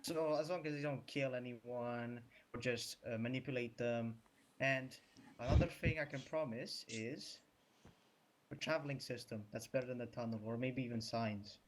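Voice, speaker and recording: A man pitches a campaign in a group roleplay. He rambles and hesitates. His mic carries clear background noise and clicks. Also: steady tone, normal speed.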